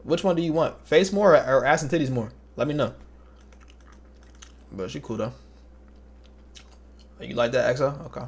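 A man's voice: medium pitch, moderate pace, pauses often, breathy edge. A young man streaming, chatting casually in slang with joking, muttered asides to his chat. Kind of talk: casual livestream commentary.

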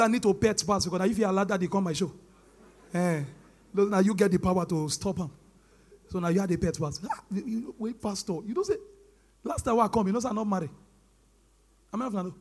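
A young man with a Nigerian accent tells stand-up stories to a church crowd. His voice sits very high and sounds bright and forceful. He switches into pidgin and shouts his punchlines. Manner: animated storytelling, mixing pidgin, shouting punchlines. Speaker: stand-up comedian.

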